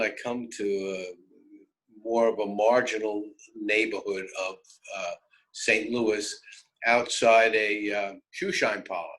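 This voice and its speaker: An older man in his seventies with a New York accent, telling personal stories on the radio in an animated, wry, conversational way. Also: medium pitch, poor audio. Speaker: radio host. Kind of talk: personal storytelling.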